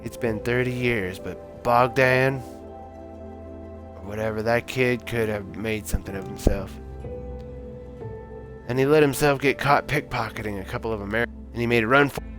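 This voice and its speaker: A man voicing a bitter aging male ex-thief who talks over old times in a taxi in a gruff, unhurried way, as a reading from a story game. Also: mid-range voice, music in the background, natural voice.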